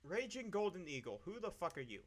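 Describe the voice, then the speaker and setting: High-voiced man ranting on a stream. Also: sing-song, brisk. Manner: profane, angry, repeats himself. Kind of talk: ranting live stream commentary.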